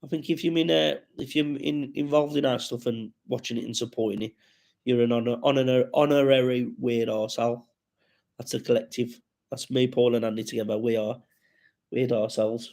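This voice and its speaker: A man's voice: mid-range voice, fairly even intonation, fairly quick, creaky, a little mellow. A man with a West Midlands accent hosting a live stream, reading out comments with sweary, jokey banter.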